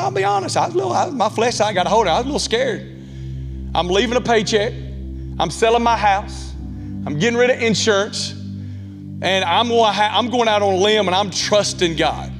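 A man in his thirties with a Southern Alabama accent, preaching a folksy, candid sermon with lots of asides. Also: high voice. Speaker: pastor. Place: church sanctuary. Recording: long church reverb with music.

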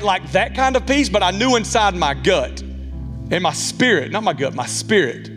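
Here the same kind of preacher, a man in his thirties from Southern Alabama, talks at a normal pace in a high voice that swings widely in pitch. His sermon is folksy and frank, loaded with asides, captured in a sanctuary with music and a long reverberant tail.

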